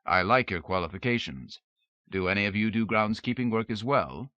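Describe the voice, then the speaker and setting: A man's voice: on the low side, lively intonation, moderate pace, bright, forceful tone, no room sound. A man playing a commanding, formal male inventor who speaks in a clipped way, in a dull, dry recording.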